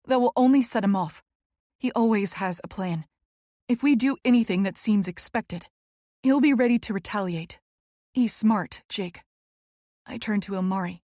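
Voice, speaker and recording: A woman's voice: mid-range voice, darkish tone, no room sound, studio quality. A woman narrating a first-person romance audiobook in an earnest, emotional way.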